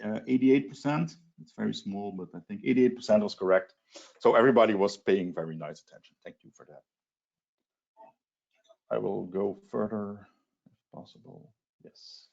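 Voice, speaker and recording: A man's voice: lowish voice, moderate pace, gravelly, pauses often, darkish tone, dull audio. A man presenting slides in a webinar, hesitant and full of restarts. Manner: hesitant, many restarts and fillers. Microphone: video call.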